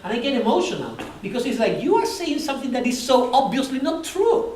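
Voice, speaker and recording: A conference speaker giving a live talk to an audience, animated and acting out quoted dialogue with humor. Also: high voice, fairly quick. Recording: roomy, distant hall recording with faint noise.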